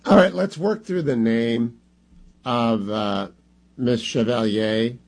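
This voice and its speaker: A man's voice: mid-range voice, takes it slowly. A man hosting a radio talk show, asking questions in a wry, joking way. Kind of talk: radio interview.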